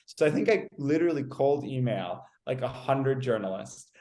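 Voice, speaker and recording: A young man in his twenties, a podcast guest telling a story in a casual, animated way, often stumbling over repeated words. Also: medium pitch, normal speed. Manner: animated, repeats words, many "like"s, acts out quoted exchanges. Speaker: interview guest.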